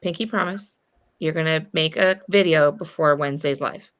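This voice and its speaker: A woman's voice: low voice, moderate pace. A woman calling into a friend's livestream and teasing him in a bossy, playful way. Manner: teasing, bossy, talks over. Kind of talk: casual teasing chat.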